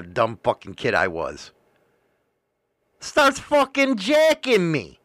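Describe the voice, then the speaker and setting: A man's voice: high voice, wildly swooping pitch, slow, a bit bright, no echo, studio quality. A man hosting a show, telling a crude, profane story in a rambling, casual way.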